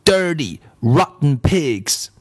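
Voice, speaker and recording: A man's voice: fairly high pitch, very animated, breathy edge, full character voice. Storybook: a nasty, insulting little creature who drags out his jabs, done by a male reader. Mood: sneering. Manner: slow, sneering, insulting drawl. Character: rude, smelly little creature hidden in raincoats.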